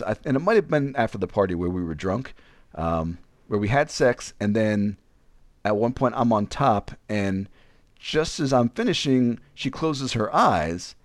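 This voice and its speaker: Lively low-voiced man telling a frank story. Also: no echo. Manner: frank, rambling, animated retelling with quoted dialogue. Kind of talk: candid personal storytelling.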